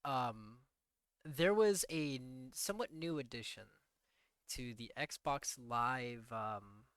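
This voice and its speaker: A young man chats on a podcast in a laid-back way, sprinkling in curses and fillers. His tone is bright and crisp, recorded very dry and close. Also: medium pitch, lively intonation, slow, no echo. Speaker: podcast co-host. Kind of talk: casual chat.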